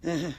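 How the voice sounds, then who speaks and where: A woman with a Jamaican accent speaks in heavy patois, swearing freely and rambling through an emotional live-stream rant, with loud bursts and laughter. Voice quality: heavy patois, frequent cursing. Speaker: vlogger.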